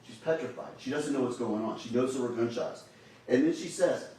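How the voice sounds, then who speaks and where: A man's voice: mid-range voice, brisk, dark tone. A man arguing a case to a jury in a large courtroom, speaking with emphatic urgency. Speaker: trial attorney. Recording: very echoey courtroom audio from a distant mic with faint hiss.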